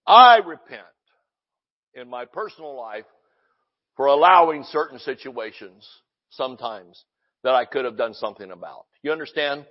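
A man preaching a sermon as pastor, fiery and loud, breaking into shouts and joking with the congregation. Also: mid-range voice, lively intonation, moderate pace, long pauses, highs cut off.

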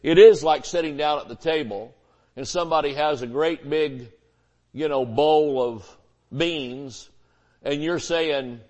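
A male pastor with a drawl delivers a sermon in a relaxed, folksy way, leaning on homespun illustrations. His voice sits a little higher than most men's. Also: unhurried, highs cut off.

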